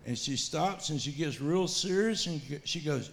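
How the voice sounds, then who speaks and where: A man's voice: on the high side, expressive, a little slow. A man telling an earnest, folksy testimony to his church. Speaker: church member giving testimony. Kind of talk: storytelling testimony.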